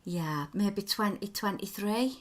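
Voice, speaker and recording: A woman hosts a relaxed podcast chat. She mostly chimes in briefly and in a friendly way. Her voice sits at a mid pitch. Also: slow pace. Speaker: podcast host. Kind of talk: casual chat.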